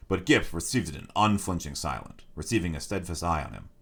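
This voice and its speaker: A male streamer reading a story aloud in an expressive, measured storytelling manner. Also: low voice, gravelly, slightly rough. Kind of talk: scripted narration.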